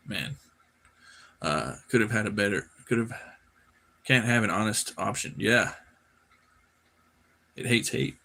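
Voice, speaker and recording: A man's voice: fairly low pitch, lively intonation, unhurried, gravelly, long pauses, bright, forceful tone. A man chatting casually on a live drawing stream, loose and profane, often repeating his words as he rambles. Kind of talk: casual chat while drawing.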